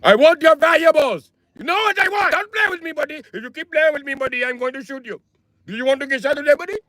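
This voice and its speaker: A man voicing a high-voiced male robber with a gun, who pleads politely and then makes shrill threats, recorded on a phone inside a car. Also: huge pitch swings, brisk, pushed and bright, no echo, full character voice.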